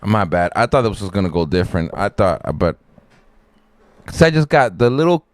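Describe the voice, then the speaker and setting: Male streamer, low-pitched, dry and close, loose joking cusser. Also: big pitch swings, moderate pace, dry recording. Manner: rambling, profane, jokey. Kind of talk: casual live-stream reaction chat.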